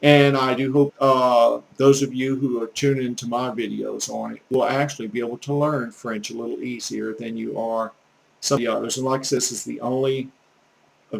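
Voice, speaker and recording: Southern drawl, older man, gravelly folksy teacher voice, earnest and a bit preachy. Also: mid-range voice, darkish tone, low-quality recording. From American South, Gulf Coast. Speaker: YouTube language teacher. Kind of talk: casual rambling monologue.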